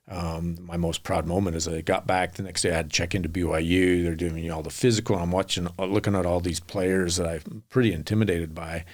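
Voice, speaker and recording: A middle-aged man, a podcast guest, telling long earnest stories in a rambling way. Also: low voice. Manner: earnest, rambling anecdotes with acted quotes. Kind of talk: storytelling in a podcast interview.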